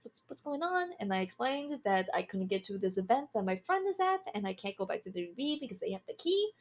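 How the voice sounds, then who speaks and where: Casting note: twenty-something woman, candid, animated storyteller. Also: mid-range voice, fast. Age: 20s. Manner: animated, candid, laughs through the telling. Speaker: streamer. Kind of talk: casual storytelling.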